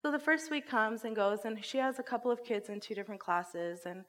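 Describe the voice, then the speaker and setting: A woman who runs a church school, teaching a sermon and telling a personal story with animated, laughing delivery. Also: a little high, a little fast. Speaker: Bible teacher and school director.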